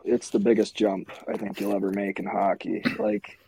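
A man's voice: fairly low pitch, fairly even intonation, moderate pace, vocal fry, dark tone, a little hiss or hum. A young man from Minnesota, a hockey goalie, talking in a laid-back casual way as a podcast guest, full of "like" and "you know". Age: young adult.

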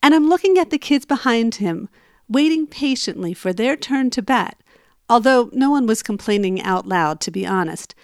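A woman's voice: on the high side, animated, normal speed, no room sound, studio quality. A woman telling a personal story in a conversational way, growing emphatic as she relives an argument.

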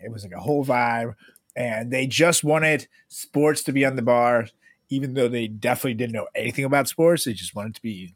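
A man's voice: medium pitch, a bit bright, no echo. A man co-hosting a casual comedic chat, laid-back and rambling with many fillers.

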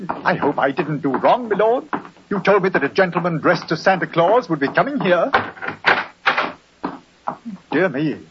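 An actor playing a deferential, fretful butler, formal and polite, in 1940s radio acting. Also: male voice, fairly high pitch, animated, normal speed, long pauses, heavy background noise, close to an everyday voice. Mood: anxious. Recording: dull lo-fi 1940s radio recording.

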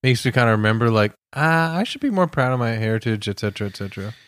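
A male comedian guesting on a podcast, riffing casually on absurd bits in deadpan fashion. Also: medium pitch, fast talker, no echo.

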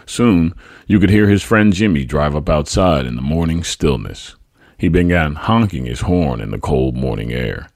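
Reading a family memoir aloud for his podcast, a man with an extremely deep, expressive voice tells the story with drama, belting out the characters' quoted lines. His pace is moderate and the studio sound is clean and echo-free.

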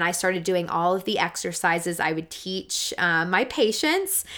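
A woman speaking as a guest in a relaxed podcast chat, with a bright, forceful edge to her voice. Her tone is clean and crisp. She tells earnest stories, full of "like"s and quick asides. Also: mid-range voice. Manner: earnest, animated storytelling with many fillers. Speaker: guest, physical therapist. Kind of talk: casual podcast conversation.

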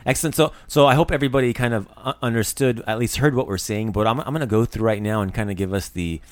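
Male lesson host, lively and chatty, mid pitch, dry recording. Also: fast talker, dry recording. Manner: lively, explains words with many fillers. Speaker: language podcast host. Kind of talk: casual language lesson.

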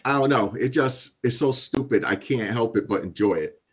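A man in casual group chat about movies, animated and swearing often, laughing as he talks. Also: mid-range voice, moderate pace, slightly rough. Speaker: podcast panelist.

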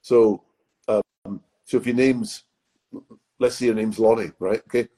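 Man, middle-aged, warm dark tone, chatty rambling podcast guest. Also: lowish voice, steady tone, unhurried, breathy edge, poor audio. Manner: chatty, rambling anecdotes with many restarts. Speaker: guest, comedy writer and actor. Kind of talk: casual podcast interview.

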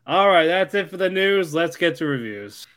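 Slightly high-voiced male podcast host. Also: lively intonation, moderate pace, fairly bright tone. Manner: reads out news items, shuts down jokes dryly. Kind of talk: casual chat.

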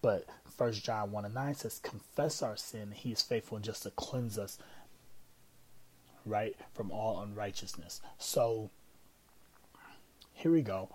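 A man's voice: fairly low pitch, background noise. A man hosting a casual teaching podcast on prayer, talking conversationally with many fillers and repeated phrases.

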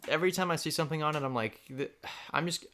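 A man's voice: fairly high pitch, fast talker, bright, forceful tone. A man co-hosting a podcast, talking casually and easygoing about upcoming games. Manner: easygoing, rambling, laughs often. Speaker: podcast co-host.

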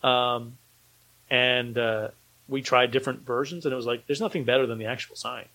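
A man's voice: mid-range voice, fairly even intonation, normal speed, pushed and bright, poor audio. A man speaking as an independent filmmaker guest in a casual podcast conversation, rambling with many fillers and a dry, sarcastic humor.

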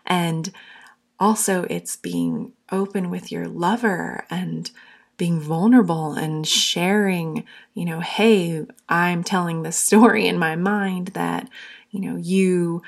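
Gravelly-voiced woman hosting a heartfelt podcast. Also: lowish voice. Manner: earnest, open, at times near tears. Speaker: podcast host. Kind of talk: heartfelt solo podcast talk.

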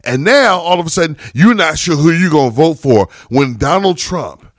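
A man's voice: on the high side, lively intonation, moderate pace, no room sound, studio quality. A man on a casual podcast panel, ranting heatedly and emphatically, with frequent cursing.

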